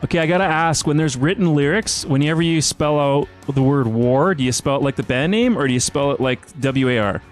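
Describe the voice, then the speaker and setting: Man, Canadian accent, webcast host, casual interview, joking, swears, slightly high voice, faint music behind. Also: a little fast, few pauses.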